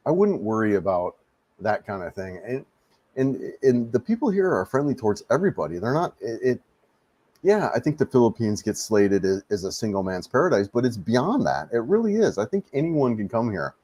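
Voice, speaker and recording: A man from the United States answers viewers on a casual live stream from his home in the Philippines, his mid-range voice sing-song, brisk and dark in tone. Easygoing and rambling, he often repeats himself. The recording is dry, and he adjusts his desk mic.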